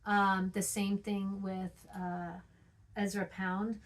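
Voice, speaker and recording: A woman's voice: mid-range voice, little pitch movement, slow pace. A woman teaching a poetry lesson, chatty, checking in with "okay?" and "right?", and sounding out rhythms with playful noises.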